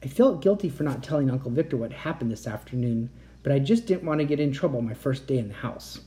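A man narrating a children's chapter book in a lively storytelling voice. His tone is mellow and warm, and his pitch rises and falls widely as he reads. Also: quick pace. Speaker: audiobook reader. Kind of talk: scripted narration.

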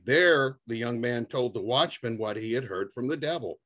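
A man reading a fairy tale aloud in a lively storytelling manner. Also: medium pitch, normal speed. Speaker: reader.

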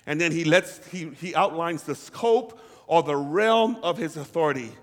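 A man's voice: on the high side, normal speed, long reverb tail. A pastor preaching a sermon to his congregation, calling for responses and repeating lines for emphasis. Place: church hall.

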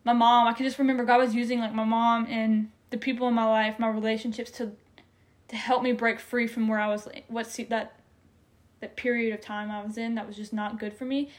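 A woman's voice: a little high, flat delivery, a little fast. A young woman giving an earnest, emotional faith testimony in casual chat, with many fillers. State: tearful at times. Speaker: faith podcast co-host.

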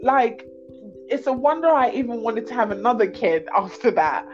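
A woman, a podcast guest telling a dramatic personal story in lively casual chat, laughing often. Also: a little high, moderate pace, muffled recording, music in the background. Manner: animated storytelling, laughs often, acts out others' voices.

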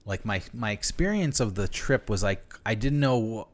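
Male podcast guest, lowish voice, meandering storyteller, lots of restarts. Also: lively intonation, moderate pace. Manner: rambling, many restarts and fillers. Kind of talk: casual storytelling.

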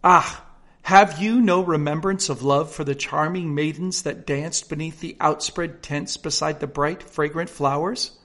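A man's voice: on the high side, steady tone, unhurried, pushed and bright. A man voicing a homesick canary bird that speaks in a dreamy, poetic, yearning way. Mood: wistful.

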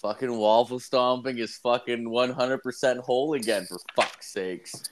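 A man's voice: medium pitch, fairly even intonation, moderate pace. Rambling foul-mouthed young man. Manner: rambling, swears constantly, acts out quotes in raised voice. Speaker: podcast co-host. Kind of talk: casual profane chat.

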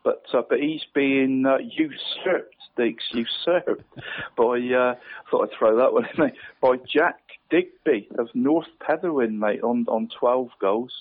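A man's voice: mid-range voice, unhurried. A man giving a football league round-up on a radio show, hesitant and repeating words, calling the host "mate" all the time. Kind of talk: radio sports round-up over the phone. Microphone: phone line. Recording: tinny phone line.

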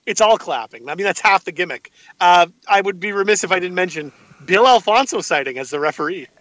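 A man's voice: high-pitched, lively intonation, a bit bright, dry recording. A man co-hosting a podcast, chiming in with enthusiastic agreement and jokes about old wrestling shows. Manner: enthusiastic, quick agreeing interjections, joking. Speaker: podcast co-host. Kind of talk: casual chat reviewing old wrestling shows.

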